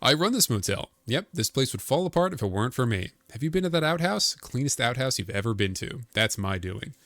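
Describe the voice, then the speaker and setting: A man's voice: mid-range voice, big pitch swings, a little fast, fairly bright tone, no echo. A man voicing a boastful, cranky old male motel keeper in a video game, rambling and grumbling.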